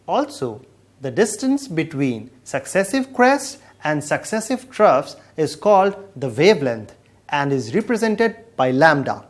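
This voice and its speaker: A man's voice: on the high side, very animated, unhurried. A man patiently explaining sound waves in a scripted educational dialogue. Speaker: science explainer.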